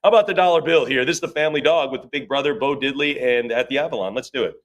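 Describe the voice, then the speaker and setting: A man working as auctioneer, calling bids rapidly in a live auction and breaking off for chatty asides to bidders and staff. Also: mid-range voice. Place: auction room.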